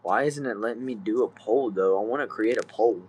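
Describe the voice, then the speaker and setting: A man's voice: on the low side, a little fast, darkish tone, a little hiss or hum. A young man from Texas with a Southern accent, chatting easygoing on a livestream from a small back shed, reading viewer comments and saying y'all and bro. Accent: Southern US, Texan. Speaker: livestream host.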